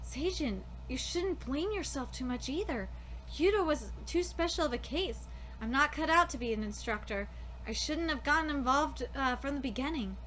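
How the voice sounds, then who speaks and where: A woman reading the lines of a weary male exorcist instructor who blames himself, in a quiet, subdued voice. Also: sits high, expressive, moderate pace, a little hiss or hum, voice pushed down, low-quality recording. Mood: regretful.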